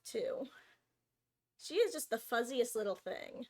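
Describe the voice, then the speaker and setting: A woman's voice: a little high, sing-song, unhurried. A woman streaming live, chatting casually and cooing over her cat between game talk.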